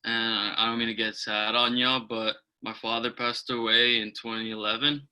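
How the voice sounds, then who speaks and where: A young man introducing himself on a video call, hesitant and full of pauses. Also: mid-range voice, clear, resonant tone, poor audio. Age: young adult. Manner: hesitant, many ums, slow and flat. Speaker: incoming student.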